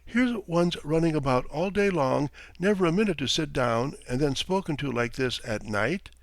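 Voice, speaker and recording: A man's voice: a little high, animated, normal speed, dry recording, pitched above the performer's own voice. A man voicing a tearful, indignant female servant who protests plaintively against her master.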